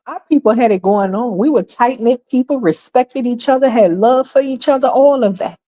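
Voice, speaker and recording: A woman's voice: on the high side, moderate pace, warm tone. A woman from New York hosting a livestream, delivering emphatic, sarcastic, opinionated commentary full of rhetorical questions. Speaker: livestream host.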